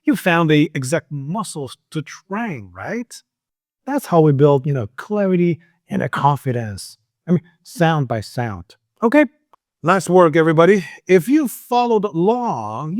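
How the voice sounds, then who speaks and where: A man who is not a native English speaker, teaching English pronunciation in a lively, coaching way with many fillers. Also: a little high, no echo, studio quality. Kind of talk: pronunciation lesson.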